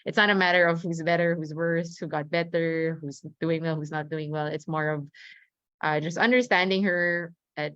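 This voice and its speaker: A woman's voice: sits low, steady tone, moderate pace, fairly bright tone, dry recording. A young woman speaking earnestly at a webinar about caring for her mother, with many fillers and restarts. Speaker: family caregiver sharing experience. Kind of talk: webinar talk. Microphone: video call. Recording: dull lo-fi video call audio.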